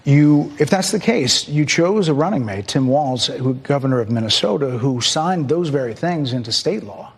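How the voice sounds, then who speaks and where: Man, husky voice, news interviewer, pointed questions. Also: mid-range voice, lively intonation, normal speed, hardly any pauses. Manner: pointed, pressing follow-up questions.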